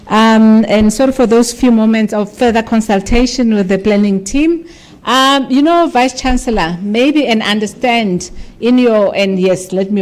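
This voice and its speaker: A woman's voice: mid-range voice, a little mellow. Chatty woman hosting a ceremony. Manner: chatty, off-the-cuff, checks with the team aloud. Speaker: master of ceremonies. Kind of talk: informal hosting of a formal ceremony. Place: university function hall.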